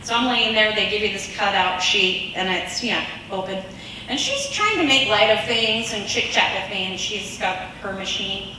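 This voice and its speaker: A woman telling a personal testimony in a lively storytelling way, acting out the voices of the people in her story and laughing often. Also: mid-range voice, moderate pace, very echoey, distant mic, a little hiss or hum, low-quality recording.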